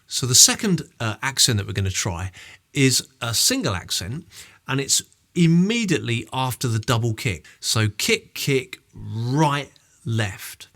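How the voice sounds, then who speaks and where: A drum teacher walks through technique in a friendly online lesson. His voice sits at medium pitch and normal speed, and his delivery is lively and explanatory.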